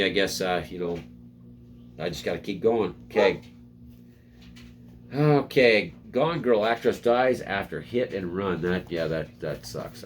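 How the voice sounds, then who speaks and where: A man hosting a casual political commentary, reading headlines and ranting sarcastically from home, with frequent restarts. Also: low voice. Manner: sarcastic, rambling, mocking voices in quotes.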